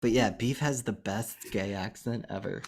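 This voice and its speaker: A man co-hosting a casual film review podcast, retelling scenes excitedly and swearing freely. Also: lowish voice, normal speed, vocal fry. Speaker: podcast co-host.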